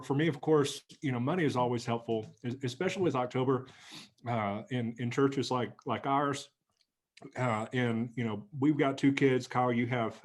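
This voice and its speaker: A man hosting a casual podcast chat, upbeat and joking as he steers the conversation. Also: mid-range voice. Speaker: podcast co-host, pastor.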